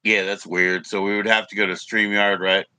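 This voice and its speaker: A man's voice: on the low side, flat delivery, normal speed, pushed and bright, clear, resonant tone, dry recording. A man chatting loosely on his live stream, rambling and swearing as he talks to his viewers and fights technical trouble. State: coughing at times. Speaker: livestreamer. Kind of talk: casual live stream chat.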